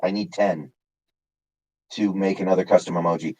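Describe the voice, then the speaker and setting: A man's voice: deep voice, fairly even intonation, normal speed, warm tone, lo-fi sound. A man casually chatting on his live stream, answering chat by name with lots of fillers. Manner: rambling, reads chat names, many fillers.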